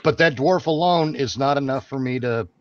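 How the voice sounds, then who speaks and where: A man's voice: mid-range voice, normal speed. A man co-hosting a live stream, chatting casually and ranting with lots of swearing. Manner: profane, ranting. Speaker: co-host. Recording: dull lo-fi stream audio with background noise.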